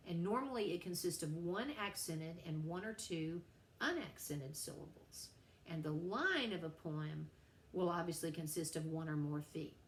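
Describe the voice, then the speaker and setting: A middle-aged woman teaching a recorded lesson in a friendly, playful way, her voice sitting a little low. The room around her is echoey, and a faint hum sits underneath. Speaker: writing teacher. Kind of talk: recorded lecture. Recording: roomy sound with faint background hum.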